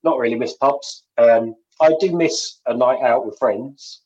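A man in casual chat, talking in a low-key, hesitant way with many fillers. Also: a little slow, darkish tone, dull audio. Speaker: podcast co-host.

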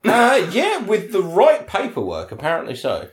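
A man's voice: high-pitched, wildly swooping pitch, normal speed, roomy sound, a crowd in the background. A man co-hosting a podcast, telling dry, jokey anecdotes in casual banter. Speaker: podcast co-host.

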